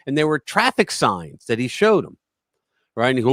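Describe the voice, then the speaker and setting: A man hosting a conservative news livestream, giving opinionated commentary in an animated, mocking way and telling anecdotes. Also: mid-range voice, fairly quick, dry recording, clean studio sound.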